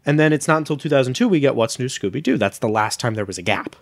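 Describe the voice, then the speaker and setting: A man's voice: medium pitch, fast talker, gravelly, no room sound. A man co-hosting a laid-back podcast chat, his voice swinging up and down with a lot of expression. He teases his co-host and swears freely. The sound is close and dry, with no room around it. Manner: animated, teasing, swears freely. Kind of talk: casual chat.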